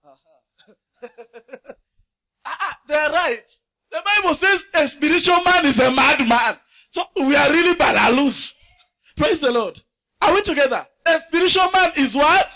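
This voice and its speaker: A man preaching a fiery sermon. He swings from shouts to low asides and asks the congregation to finish his lines. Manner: asks the congregation to fill in words.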